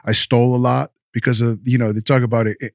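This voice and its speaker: A man in his fifties telling stories in a casual interview, rambling and animated, swearing freely and restarting his sentences. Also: mid-range voice, fast talker, vocal fry, no room sound, studio quality. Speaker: podcast guest, rapper.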